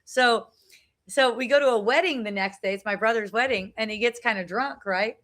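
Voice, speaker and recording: A woman's voice: a little high, normal speed, a bit bright. A middle-aged woman sharing personal reflections in a casual, earnest way, often repeating herself and adding "right?" to her sentences, on a phone live video outdoors. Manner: earnest, repeats phrases, frequent tag "right?". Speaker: spiritual talk host. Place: outdoors at a beach.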